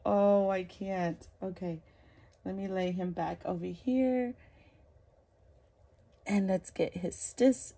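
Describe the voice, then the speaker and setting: A woman's voice: medium pitch, a little mellow. Gushing woman cooing over dolls. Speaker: reborn doll collector vlogger. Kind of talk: casual vlog chat. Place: home, bathing dolls.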